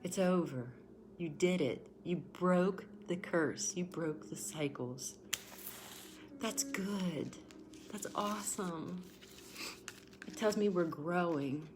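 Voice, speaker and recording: A low-pitched woman in her forties talks through a tarot reading on a livestream. She is emotional and repeats herself, and she breaks off to greet viewers by name. A faint hum of room ambience sits under her voice. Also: slow pace, darkish tone. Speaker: tarot reader.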